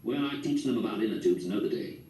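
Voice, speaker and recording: Mellow man narrating a story. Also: on the low side, expressive, fast talker. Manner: folksy storytelling. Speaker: audiobook narrator. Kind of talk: first-person storybook narration. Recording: roomy, distant mic.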